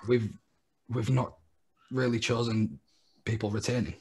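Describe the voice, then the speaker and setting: A man co-hosting a wrestling podcast, making blunt, sweary, deadpan predictions in casual chat. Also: mid-range voice, measured pace, husky. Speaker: podcast co-host.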